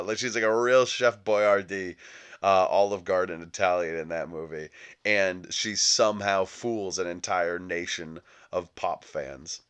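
A man's voice: deep voice, fairly even intonation, a little slow, fairly bright tone, clean tone. A young adult man hosting a comedic movie podcast, riffing sarcastically and acting out little scenes. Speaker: podcast host.

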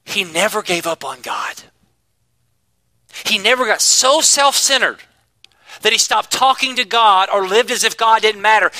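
Bright, high-voiced male preacher. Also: low-quality recording. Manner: emphatic preaching, swings from loud to hushed. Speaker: pastor. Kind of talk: sermon.

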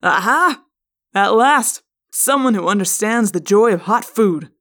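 A woman's voice: lowish voice, normal speed, natural voice. Woman voicing a jovial middle-aged dad, hearty and teasing; audiobook scene. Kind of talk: fan audiobook reading.

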